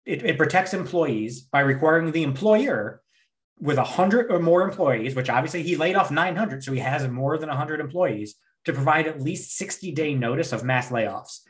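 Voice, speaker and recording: A man's voice: fairly high pitch, lively intonation, normal speed. A man co-hosting a podcast, ranting heatedly in casual chat with lots of swearing. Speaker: podcast co-host.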